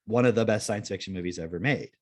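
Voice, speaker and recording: A man's voice: on the low side, fast talker. A man hosting a podcast in casual chat, rambling and laid-back, with lots of "like" and free swearing. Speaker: podcast host.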